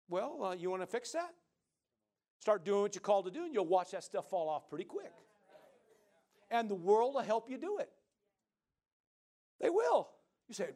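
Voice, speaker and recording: A man with a high voice delivering a sermon to his congregation. He leans hard into emphatic, building phrases and pulls the room in with call-and-response. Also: very animated, normal speed, long pauses. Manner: emphatic, builds to shouted exclamations. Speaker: preacher.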